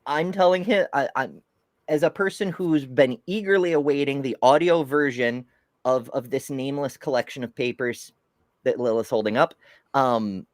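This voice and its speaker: A woman's voice: rumbling low, moderate pace, dry recording, clean studio sound. A woman hosting a podcast, telling stories in a rambling, casual way and laughing often. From United States. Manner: rambling, animated storyteller with frequent laughs. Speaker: podcast host. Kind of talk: casual chat.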